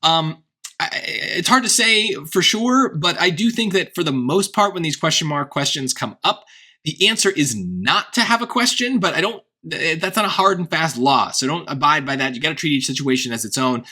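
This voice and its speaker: A man's voice: on the high side, expressive, moderate pace, pushed and bright. A man walking through a test grammar question as a tutor, thinking aloud in a casual way and checking in with "right?" as he goes. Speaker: SAT tutor.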